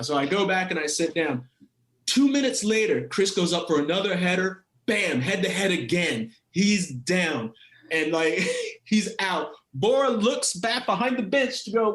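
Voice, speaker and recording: A middle-aged man, a former pro footballer, telling a story as a podcast guest, animated and laughing often. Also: high voice, normal speed. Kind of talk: casual storytelling. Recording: roomy echoey sound.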